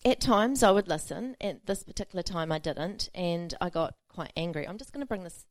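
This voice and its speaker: A woman's voice: lowish voice, fairly quick, no room sound. A woman pastor preaching a sermon, telling a self-mocking personal story with frequent laughter.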